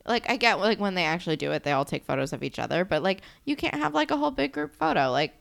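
Lively-voiced woman with wry asides. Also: lowish voice, fast, creaky. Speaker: podcast co-host. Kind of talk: casual TV recap chat.

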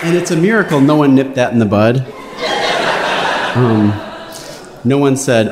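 A man telling a personal story live on stage, wry and animated, raising his voice when he quotes people. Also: medium pitch, unhurried, pauses often, background noise. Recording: roomy hall reverb.

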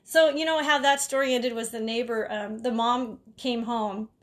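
Casting note: a chatty woman caregiver with a fairly high voice, telling stories casually. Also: steady tone, normal speed, a bit bright. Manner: chatty, frequent fillers and asides. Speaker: caregiver sharing advice. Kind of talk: casual storytelling talk.

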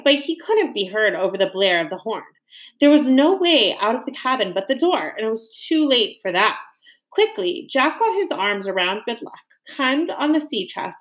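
A woman reading a children's novel aloud with expressive storytelling. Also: fairly high pitch. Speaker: reader.

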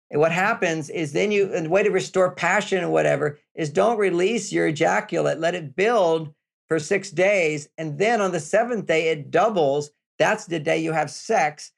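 An older man speaks as an interview guest, laying out advice step by step and repeating his key points for emphasis. His voice sits a little high and carries a gravelly edge. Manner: explanatory, repetitive, emphatic. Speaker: relationship author, guest.

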